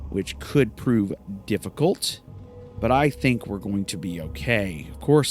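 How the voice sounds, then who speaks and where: A man hosting a let's play, giving casual gameplay commentary, rambling and correcting himself with many fillers. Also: on the low side.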